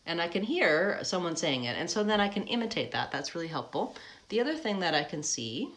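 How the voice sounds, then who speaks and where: A woman's voice: on the low side, very animated, brisk, fairly bright tone. A woman coaching English pronunciation in a live lesson, explaining patiently step by step with frequent ums.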